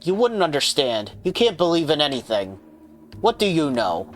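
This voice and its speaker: A man's voice: on the high side, sing-song, normal speed. A man voicing a young woman heroine who pleads urgently and raises her voice, reading her game lines aloud. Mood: pleading. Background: game music.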